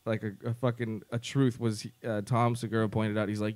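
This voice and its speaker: A man's voice: on the low side, little pitch movement, moderate pace, hardly any pauses, darkish tone. A young man co-hosting a podcast in casual chat, rambling, swearing a lot and laughing often. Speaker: podcast co-host.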